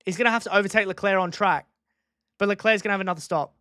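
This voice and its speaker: A man's voice: high-pitched, rapid-fire, pushed and bright, dry recording. A man streaming a live race watchalong from a home desk microphone, chatting casually and repeating himself as he reacts to each moment.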